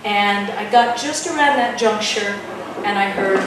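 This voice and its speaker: A woman telling a spooky story at an open mic, dramatic and dropping to a hush at tense moments. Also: mid-range voice, brisk, hardly any pauses, background noise. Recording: echoey room from far off.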